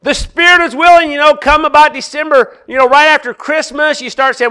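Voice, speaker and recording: A middle-aged male pastor preaching a sermon, acting out quoted lines with big swings in loudness. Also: very high voice, steady tone, fairly quick, hardly any pauses.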